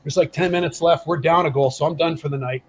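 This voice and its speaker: Fast-talking and pitched on the high side, a middle-aged man who used to be a pro hockey enforcer shares a casual story as a podcast guest. He gets animated and acts out the quoted dialogue. The audio is poor, with a faint hiss or hum.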